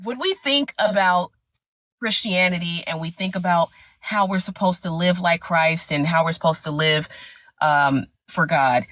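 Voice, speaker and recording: A middle-aged woman sharing her personal story with animated, emphatic conviction. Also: lowish voice, a little slow, dry recording. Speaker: guest. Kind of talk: personal testimony in conversation.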